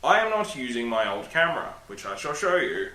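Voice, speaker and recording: A man's voice: mid-range voice, very animated, a little fast, bright, forceful tone, echoey room. A man, vlogging casually to his laptop webcam from a room at home, rambling and self-deprecating with casual swearing. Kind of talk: casual solo vlog to webcam. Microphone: laptop webcam mic.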